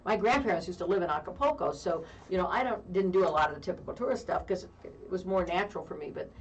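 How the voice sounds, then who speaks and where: A woman in her fifties co-hosting a radio talk show, telling a long story in a lively way with frequent laughter. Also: lowish voice, quick pace, muffled recording. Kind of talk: casual on-air chat, storytelling. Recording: distant mic with faint background noise.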